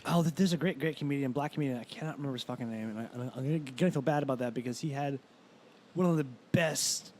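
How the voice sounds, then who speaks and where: A man's voice: medium pitch, rapid-fire, slight background noise. A man in casual podcast chat, telling long, rambling stories and swearing often. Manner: rambling animated storyteller who swears often.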